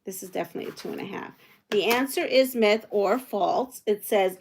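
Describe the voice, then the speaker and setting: A woman's voice: medium pitch, normal speed, creaky. A woman hosting a quilting livestream from home, chatting casually with viewers and thinking aloud as she sews. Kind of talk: casual live chat while sewing.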